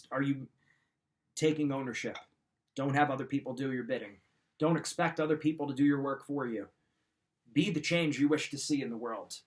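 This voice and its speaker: A middle-aged man coaching listeners in an emphatic, direct motivational talk. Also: medium pitch. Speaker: wrestling mindset coach.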